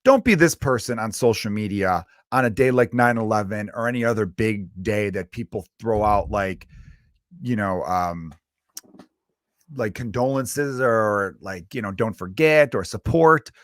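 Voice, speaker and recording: A man's voice: on the low side, unhurried, no room sound, studio quality. A man hosting his own comedy podcast, ranting casually in a profane, exasperated, rambling way.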